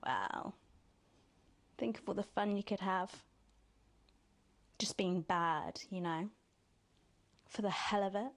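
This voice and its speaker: An actress voicing a sly woman presenter who mockingly tempts the player toward being bad, in a video game. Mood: seductive. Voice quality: purring, mocking, drawn-out teasing delivery. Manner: sneering and condescending, mimics others in high silly voices. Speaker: news anchor.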